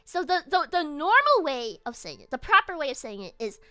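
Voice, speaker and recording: A woman's voice: sits high, sing-song, a little fast, pushed and bright. A young woman streamer telling a casual story while drawing, giggling often and restarting her phrases. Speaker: virtual streamer.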